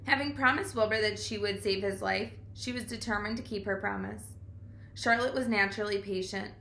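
A woman reading a children's book aloud in a calm, measured storytelling way. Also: mid-range voice, creaky, roomy sound, a little hiss or hum. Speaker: reader.

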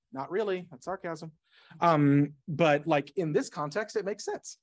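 A man giving a casual technical talk at a meetup, who talks quickly, breaks off mid-sentence and drops jokey asides. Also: on the high side. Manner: rapid, self-interrupting, jokey asides. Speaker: conference speaker. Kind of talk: casual tech presentation. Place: meetup presentation room.

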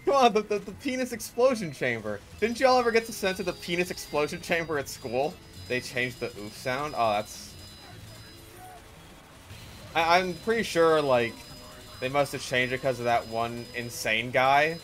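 A man with a slightly higher voice than most, tossing off crude, irreverent gameplay commentary in a loose, rambling way. Soft music plays faintly behind him. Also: animated, moderate pace. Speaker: gaming channel host.

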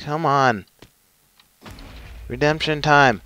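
A young man talks through his own gameplay at an unhurried pace, at a middle pitch. He lets out frustrated outbursts and mocks himself wryly between plays. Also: a bit bright, smooth. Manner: frustrated, self-mocking outbursts. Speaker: gaming channel host. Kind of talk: gameplay commentary.

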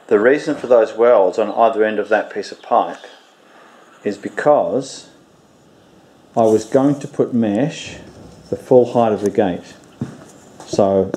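A man hosting a do-it-yourself channel, sounding nasal and congested from illness, explaining his work in a relaxed, plain-spoken, practical way. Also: fairly low pitch. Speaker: DIY channel host. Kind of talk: casual how-to explanation.

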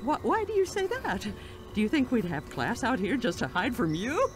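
Brief: a jittery cartoon pufferfish teacher, fumbling, pitch leaping wildly. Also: female voice, wildly swooping pitch, moderate pace, music in the background. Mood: flustered. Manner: nervous, fumbling excuses. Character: flustered middle-aged female pufferfish teacher. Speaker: driving teacher. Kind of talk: cartoon game voice acting.

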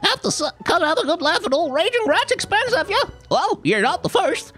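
A man voicing a bigoted, indignant male brawler, gruff and sore about losing. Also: very high voice, very animated, brisk, pushed and bright, soft background music, voice pushed up, heavily acted.

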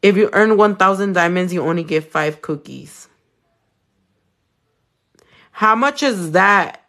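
A woman's voice: lowish voice, takes it slowly, a bit bright. Chatty, swearing woman streaming nails. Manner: chatty and swearing, answers viewer comments while working. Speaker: nail artist streaming live. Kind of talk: casual live-stream chat. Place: home nail studio.

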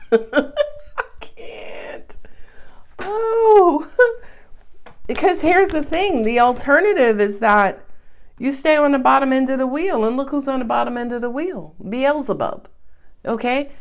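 A woman reads tarot cards in a casual, chatty way. She sounds lively and playful, and she talks straight to her viewers. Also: fairly high pitch. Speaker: tarot reader.

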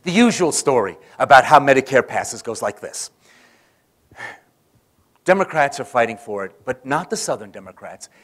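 A man's voice: mid-range voice, very animated, normal speed, long pauses, a bit bright. A man giving a conference lecture, telling political stories and acting out the quoted voices. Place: conference hall.

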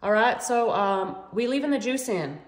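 A woman's voice: a little high, expressive, moderate pace. A woman chatting playfully through a home cooking demonstration, talking to viewers as y'all. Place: home kitchen. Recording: echoey kitchen with faint noise.

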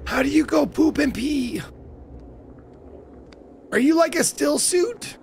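A man's voice: very high-pitched, expressive, slow pace, gravelly, slight background noise. A man streaming a video game, making goofy, sarcastic asides over the gameplay. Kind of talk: joking gameplay commentary.

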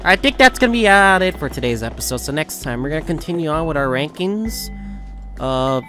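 A man's voice: a little high, expressive, a little fast, bright, forceful tone, faint music behind. A man giving casual, musing commentary on a game he plays. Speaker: gaming commentator.

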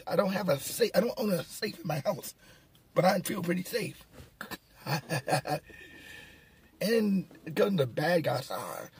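A man's voice: fairly high pitch, gravelly, husky. A man giving a casual, rambling film review, sarcastic and mocking, chuckling at his own jokes. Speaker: movie reviewer.

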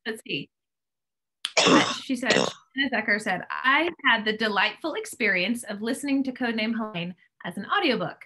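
Middle-aged author, woman, lively teller, allergy throat-clearing, video call audio. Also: on the high side, normal speed. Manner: animated storyteller, clears throat often. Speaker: author guest. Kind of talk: casual chat.

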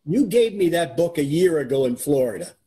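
A man's voice: on the high side, big pitch swings, a little fast, mellow. Earnest man hosting a video interview. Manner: earnest, repeats words while he talks. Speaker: interviewer, host. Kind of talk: casual talk to viewers and interview. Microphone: video call.

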